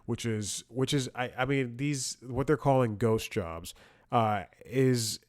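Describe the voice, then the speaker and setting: Speaking slowly in a mid-range voice, a comedy show host spins rambling stories and commentary. He's wry and blunt, with lots of chuckles and restarts along the way.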